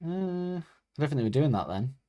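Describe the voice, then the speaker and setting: A man's voice: on the high side, very animated, brisk, mellow, no room sound, clean studio sound. A man co-hosting a podcast in casual chat, rambling and hesitant, with many ums and restarts. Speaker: podcast co-host.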